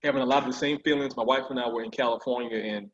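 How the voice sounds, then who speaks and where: A man interviewing an author at an online book event, reading out audience questions in a measured, friendly way. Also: medium pitch, steady tone, lo-fi sound. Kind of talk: moderating a video-call book event. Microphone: video call.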